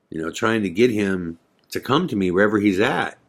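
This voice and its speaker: A man's voice: low-pitched, fairly quick. A man hosting a podcast, retelling a frightening night in an intense, regretful way with some swearing. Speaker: podcast host. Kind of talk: first-person storytelling.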